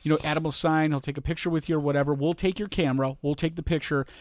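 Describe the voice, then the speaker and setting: A man co-hosting a podcast in casual chat, talking in a relaxed, reflective way and chiming in to agree. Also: a little high, rapid-fire, dry recording, studio quality. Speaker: podcast co-host.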